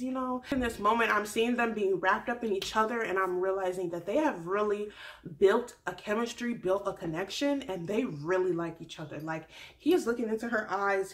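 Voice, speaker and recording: A woman's voice: mid-range voice, a bit bright. A woman hosting a casual recap video, talking through a reality show in a chatty, blunt way with slangy, swearing asides. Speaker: YouTube recap host.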